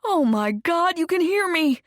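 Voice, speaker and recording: A woman voicing an excitable, anxious young man who gushes at his best friend, in an audiobook. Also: normal speed, creaky, no room sound, studio quality. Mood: excited. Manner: high-pitched and gushing.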